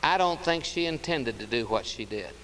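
A man's voice: mid-range voice, lively intonation, a bit bright. A man preaching a sermon, emphatic, stretching key words and repeating phrases. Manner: emphatic, drawn-out stresses and repetition. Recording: roomy hall reverb with faint hiss.

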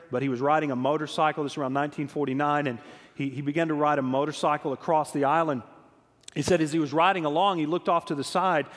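A man's voice: a little high, long reverb tail. A man preaching a sermon, telling revival stories emphatically and often repeating words as he builds his point.

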